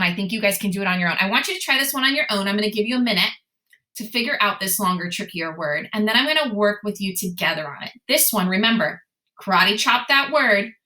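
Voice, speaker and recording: A woman's voice: mid-range voice, bright, forceful tone. Encouraging woman teaching phonics to children. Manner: encouraging, sing-song, asks questions and answers them. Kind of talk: recorded phonics lesson for young children. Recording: echoey room.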